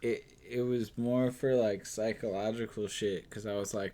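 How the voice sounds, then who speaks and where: A man co-hosting a casual podcast, speaking in halting, crude bursts with many restarts. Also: fairly low pitch, fairly even intonation, dark tone. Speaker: podcast co-host.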